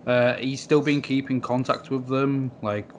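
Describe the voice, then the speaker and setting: A man's voice: mid-range voice, fairly even intonation, moderate pace, a little mellow, a little hiss or hum. A man hosting an interview, giving short replies and asking loose, rambling questions. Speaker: interviewer, host.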